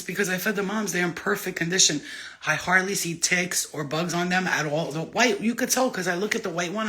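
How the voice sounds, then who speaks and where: A woman chatting casually into her phone camera for a vlog, excitable and rambling, swearing freely as she goes. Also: medium pitch. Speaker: vlogger.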